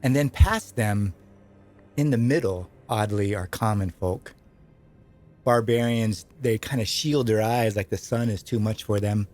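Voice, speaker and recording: Game master guy telling the scene, lowish voice, little bit of music under it. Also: a little slow, a little mellow. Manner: vivid descriptive storytelling, casual fillers. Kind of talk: narrating a tabletop game.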